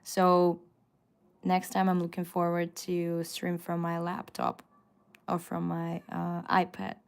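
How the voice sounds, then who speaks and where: Slow-paced woman teaching on a live stream. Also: lowish voice, completely flat delivery, gravelly, smooth. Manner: slow, patient explaining with frequent fillers. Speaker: Russian language teacher. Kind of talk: live-stream language lesson. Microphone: phone.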